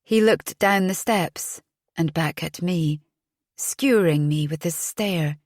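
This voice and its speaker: A woman narrating a thriller audiobook in a measured storytelling voice. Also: lowish voice, a little mellow, no room sound, studio quality. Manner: measured storytelling, voicing each character in dialogue.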